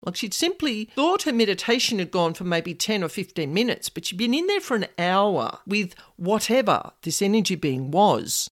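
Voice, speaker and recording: A woman's voice: medium pitch, sing-song, normal speed, hardly any pauses. A woman narrating a personal story in a conversational way with casual asides.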